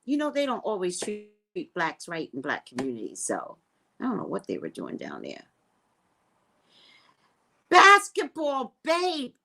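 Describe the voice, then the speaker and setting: A woman who works as a psychic, telling a story in a casual, profane way and swinging between loud and hushed. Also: medium pitch, huge pitch swings, measured pace, gravelly, pauses often.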